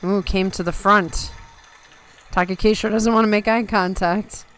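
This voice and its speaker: An emotional live-stream host reacting in real time, gushing and chatting to the audience. The voice is smooth and clear, sitting at a middle pitch. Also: steady tone, unhurried, fairly bright tone.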